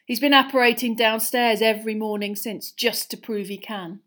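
A woman's voice: fairly high pitch, steady tone, moderate pace, fairly bright tone, close to an everyday voice. A woman voicing a sleepy, teasing teenage wizard boy who drawls his words, in a storybook reading.

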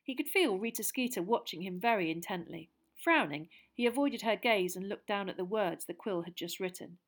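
Woman audiobook narrator, steady storytelling. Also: mid-range voice, normal speed.

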